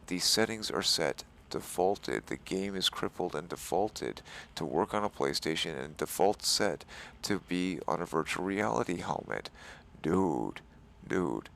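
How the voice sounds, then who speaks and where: A man with a very low, gravelly voice hosts a game settings tutorial. He sounds exasperated and rambling, repeating that he's staying chill and calling the viewer "dude.". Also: fairly bright tone, a little hiss or hum. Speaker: gaming tutorial host. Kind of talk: screen-recorded game settings walkthrough.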